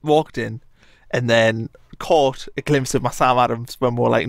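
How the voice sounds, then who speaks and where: A young man from Northumberland with a Northumbrian accent, telling an animated story on a podcast, swearing and laughing along the way. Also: mid-range voice, moderate pace, vocal fry. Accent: Northumbrian English. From Northumberland, England. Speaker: podcast co-host. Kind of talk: casual storytelling.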